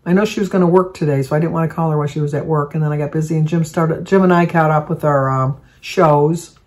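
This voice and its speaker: A woman's voice: sits low, steady tone, quick pace, a little mellow. Rambling older woman. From Michigan. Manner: rambling, chatty, meandering with many asides. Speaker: vlogger. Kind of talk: casual chat to camera.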